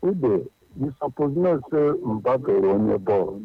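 A man's voice: mid-range voice, expressive, slow pace, slightly rough, dry recording. A man with a Nigerian Pidgin accent calling in to a radio show, teasing and slipping into Igbo. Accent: Nigerian Pidgin English. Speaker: radio caller. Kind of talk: phone call-in chat. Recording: muffled phone line with faint music.

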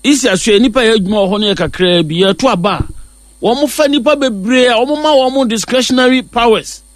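High-voiced Ghanaian man analysing politics. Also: dry recording. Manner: measured, switches between Twi and English. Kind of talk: talk show discussion.

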